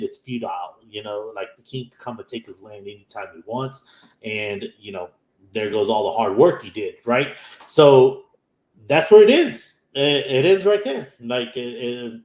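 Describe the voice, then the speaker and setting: A man's voice: mid-range voice, darkish tone. An American man from Houston hosting a casual anime episode recap. He tells the story loosely, full of "like" and "you know", and acts out the characters' lines in his own voice. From Houston, Texas. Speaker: anime podcast host. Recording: roomy echo.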